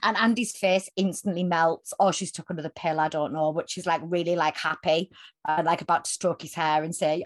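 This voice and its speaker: Sweary woman podcaster, low voice. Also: fairly even intonation, fairly quick, no room sound. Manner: sweary, jokey, acts out characters' lines. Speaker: podcast co-host. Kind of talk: casual chat recapping a TV show.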